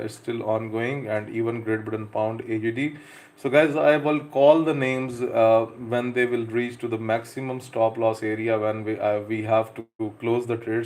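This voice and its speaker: Halting man hosting a live stream. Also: mid-range voice, a little mellow. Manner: hesitant, many fillers, reads chat names aloud. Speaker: live trading stream host. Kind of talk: live-stream commentary to chat.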